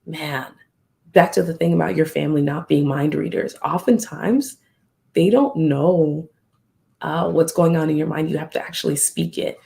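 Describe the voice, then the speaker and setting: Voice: medium pitch, fairly even intonation, normal speed, vocal fry, mellow. A host talking candidly and reflectively in a casual live stream, often acting out remembered exchanges.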